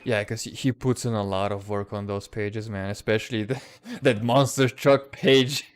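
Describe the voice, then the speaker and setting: A man's voice: on the low side, fairly even intonation, normal speed, clear, resonant tone. A man chatting casually in a live stream, laid-back and laughing often, swearing freely. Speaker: comics creator in a live chat. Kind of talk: casual chat. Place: lives outside the United States.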